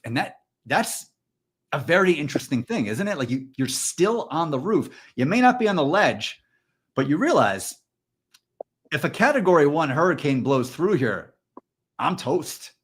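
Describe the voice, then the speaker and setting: A man co-hosting a candid podcast conversation, telling stories in a loose, animated way with plenty of fillers. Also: fairly high pitch, normal speed, breathy edge. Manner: storytelling, animated, frequent fillers. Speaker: podcast co-host.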